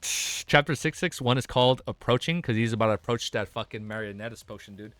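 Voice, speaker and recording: A young man on a stream reads passages from a web novel aloud and reacts in excited, slangy talk full of swearing, stammering when he gets worked up. His voice sits in the mid range and moves fairly quickly, and the recording is dry.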